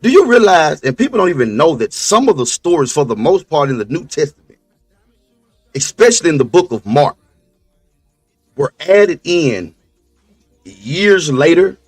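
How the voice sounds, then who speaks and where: Man, high voice, emphatic, repeats himself, dry close sound, soft music behind. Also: very animated, normal speed, long pauses, husky, no echo. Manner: emphatic, preachy, repeats points. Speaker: podcast co-host. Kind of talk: casual religious discussion.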